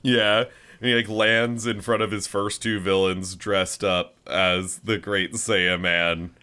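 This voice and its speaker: Give me a lower-pitched man with a bright voice chatting on a podcast. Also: little pitch movement, slow, clear, resonant tone. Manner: enthusiastic, laughs often, hedges with "like". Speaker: podcast co-host. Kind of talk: casual chat.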